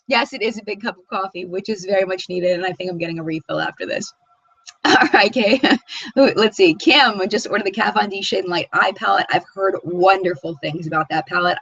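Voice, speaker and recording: Chatty woman host, rambling and laughing easily, with a bright voice that sounds dry and close. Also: mid-range voice, vocal fry, slightly rough, no room sound, dull audio. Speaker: beauty channel host. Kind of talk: live chat reading viewer comments.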